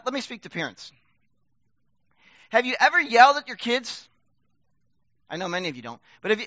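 A middle-aged man preaching a sermon in a conversational, self-deprecating way, swinging from loud bursts to hushed asides. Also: extremely high pitch, dry recording, highs cut off. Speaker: pastor.

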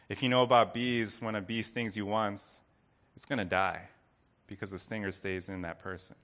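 A man preaching a sermon to a congregation, earnest, dropping to soft low lines and rising to loud ones. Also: fairly even intonation, moderate pace. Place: room with a congregation.

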